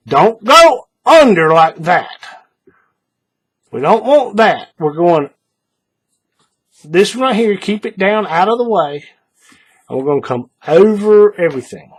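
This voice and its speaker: A man calmly talking through a paracord bracelet tutorial step by step, patient and repetitive, often checking in with the viewer. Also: high-pitched, slightly rough. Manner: patient, repeats steps, checks in with "all right?". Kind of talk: hands-on craft tutorial.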